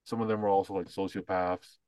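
A low-pitched man talks in loose, rambling podcast chat, blunt and swearing freely. His voice sounds dry and close, with little room around it. He leans on fillers and restarts as he piles up his opinions. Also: little pitch movement, a little fast, darkish tone, clear, resonant tone, dry recording. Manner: mocking voices when quoting others. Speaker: podcast co-host. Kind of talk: casual chat.

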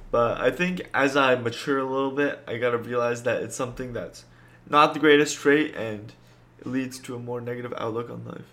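A man's voice: mid-range voice, a bit bright. A man in casual conversation, reflecting on himself, hedging and restarting his phrases. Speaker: guest.

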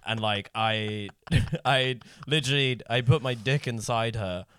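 A man with a smooth, resonant voice spins a chaotic story in a relaxed podcast chat. He is animated, breaks into laughter, and swears without a second thought. The sound is close and dry, with no room around it. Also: mid-range voice, a little slow, dry recording. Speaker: guest comedian.

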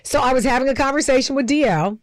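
A woman co-hosting a casual chat over drinks speaks fast in a high voice, recorded with no echo. She tells a candid personal story, quoting other people's voices as she goes.

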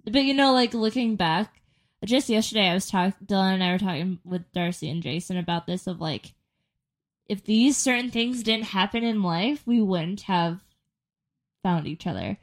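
A woman's voice: mid-range voice, normal speed. A woman in her twenties, co-hosting a podcast, telling dating stories in casual chat and acting out the quotes. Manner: animated storytelling, acting out quotes. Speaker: podcast co-host.

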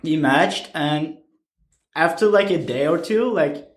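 A young man from Turkey telling stories as a podcast guest in casual chat, animated and ending lines with a questioning "right?". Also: on the high side, slow pace. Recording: echoey room.

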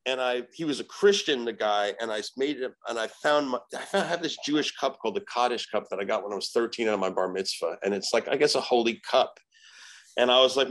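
A man in the middle of his pitch range, talking as a podcast guest. He rambles loosely with lots of "you know" fillers and swears freely as he tells his stories. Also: fast talker, low-quality recording. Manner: profane, animated storyteller acting out voices. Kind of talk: casual storytelling.

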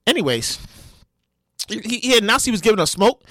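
Wildly animated, bright-voiced male podcaster. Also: high-pitched, fairly quick, no room sound. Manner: animated and profane, with sudden loud outbursts; addresses listeners directly. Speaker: podcast host. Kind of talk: casual solo podcast commentary.

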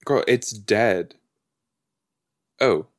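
This is casual watch-along commentary from a male podcast host with a lowish voice who talks very slowly. He rambles through the TV episode, peppering his talk with "like" and "you know."

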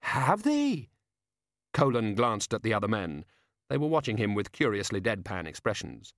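A man narrating an audiobook with a wry, measured reading. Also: on the low side, expressive, no room sound, clean studio sound. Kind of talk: scripted narration.

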